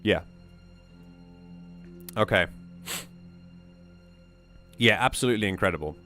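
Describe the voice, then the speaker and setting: Low-voiced South African male host who reads fiction aloud and jumps into excited commentary; faint music underneath. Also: takes it slowly. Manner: animated, excitable asides between steady narration. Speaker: host reading a community story aloud. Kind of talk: story reading with casual commentary.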